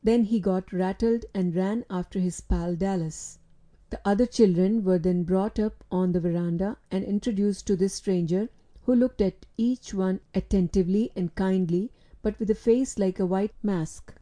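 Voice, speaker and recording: Woman reading a storybook aloud, super mellow dark tone, steady pace. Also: mid-range voice, normal speed. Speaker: audiobook reader. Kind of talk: scripted storybook narration.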